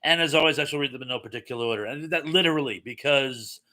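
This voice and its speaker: Bright-voiced man hosting a live chat. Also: mid-range voice, rapid-fire, no room sound. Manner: chatty, reads comments aloud, easily flustered. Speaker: live stream host. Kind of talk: casual live chat reading viewer comments.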